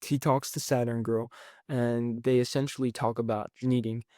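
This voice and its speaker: A man host casually recapping a comic book issue, rambling and excitable, acting out the characters' lines as "he's like". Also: mid-range voice, normal speed, no room sound, clean studio sound.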